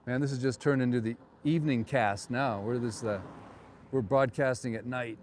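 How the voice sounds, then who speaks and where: A man's voice: medium pitch, steady tone, normal speed, a little mellow, slight background noise. Rambling middle-aged man on a night walk. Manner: rambling, digressive, chatty asides. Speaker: realtor hosting a walking tour. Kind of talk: live walking-tour vlog. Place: outdoors on a town street at night. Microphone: phone.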